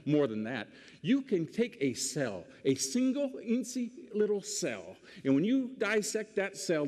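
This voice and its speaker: A man's voice: mid-range voice, darkish tone, big-room sound. A man preaching a sermon, retelling Bible stories in a folksy, joking way with everyday slang. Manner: folksy and humorous, retells scripture in modern slang. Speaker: preacher, former congressman.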